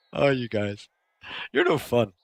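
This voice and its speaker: A young man streaming a game, his slightly high voice swinging wildly up and down as he giggles and gets excited. He talks at an unhurried, drawn-out pace, chatting away to his viewers. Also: no echo. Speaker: gaming streamer. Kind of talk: casual live gameplay commentary.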